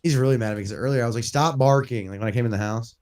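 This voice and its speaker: A man's voice: fairly low pitch, fairly even intonation, very fast, darkish tone, clean tone. A man streaming a video game, chatting casually in a rambling, profane way and laughing often. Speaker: gaming streamer. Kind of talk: casual let's-play commentary.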